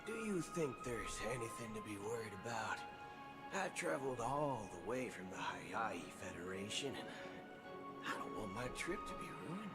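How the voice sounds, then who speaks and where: Guy doing a cowboy traveler, soft southern drawl, voice swings up and down, game music behind. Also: medium pitch, very animated, normal speed, close to an everyday voice. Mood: probing. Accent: subtle Southern US drawl. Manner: easygoing, with a light drawl on some words. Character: wary male cowboy traveler asking about rumors. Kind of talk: game voice acting.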